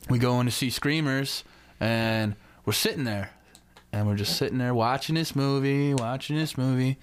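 A man rambles through a story on a podcast, cursing freely. His voice sits at an ordinary middle pitch, loose and chatty. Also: moderate pace, smooth. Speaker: podcast co-host. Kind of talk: casual chat.

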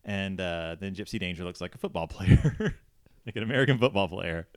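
A man's voice: low-pitched, expressive, brisk, smooth, no room sound, studio quality. A man hosting a casual film review chat in his living room, chatty and rambling, laughing often between points. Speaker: podcast host.

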